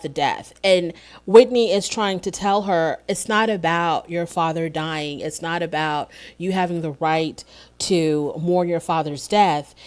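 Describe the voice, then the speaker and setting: A woman with a fairly low voice runs through a reality show episode in a relaxed, chatty way. She is opinionated and keeps slipping into quick quoted lines as she tells the story. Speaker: reality TV recap podcaster. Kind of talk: casual episode recap.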